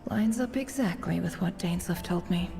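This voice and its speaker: A woman's voice: fairly low pitch, moderate pace, warm tone, soft background music. An actress voicing a curious young woman adventurer who searches an office in a whisper, whispered role-play. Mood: hushed curious. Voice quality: whispered, gravelly.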